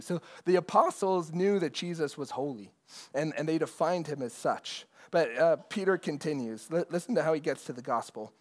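Man preaching with a slightly high voice. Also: animated, normal speed, darkish tone. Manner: earnest preaching with scripture readings, occasional restarts. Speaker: pastor. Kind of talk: sermon.

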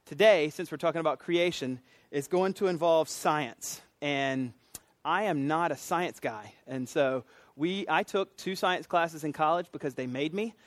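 A man's voice: a little high, unhurried, dry recording. A middle-aged man with a Southern US accent, a pastor teaching a sermon in a conversational, folksy way with self-deprecating asides. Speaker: pastor teaching a doctrine class.

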